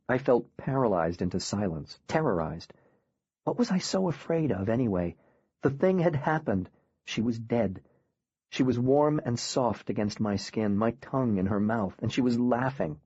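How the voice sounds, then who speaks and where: A man reading a first-person audiobook in a quiet, grave, measured way. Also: medium pitch, slightly rough, dry recording, lo-fi sound. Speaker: audiobook narrator.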